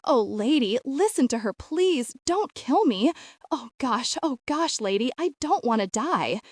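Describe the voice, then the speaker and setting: A woman voicing a panicked, cowardly young man who pleads in a high, whiny voice. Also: huge pitch swings, moderate pace, breathy edge, no echo, clean studio sound, heavily acted. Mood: pleading. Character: panicked young male car thief, skinny and cowardly.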